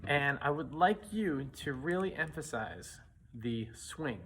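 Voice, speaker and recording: Band teacher scatting rhythms. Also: male voice, fairly high pitch, lively intonation, slow pace, very noisy. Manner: scats rhythms on syllables between instructions. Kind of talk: casual music rehearsal lesson.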